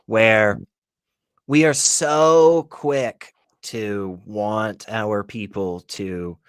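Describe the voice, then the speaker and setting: Man, casual livestream chat, measured, very unhurried, dry close sound. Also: fairly low pitch, clear, resonant tone, no room sound. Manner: measured, deliberate, reasoning aloud. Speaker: livestream guest.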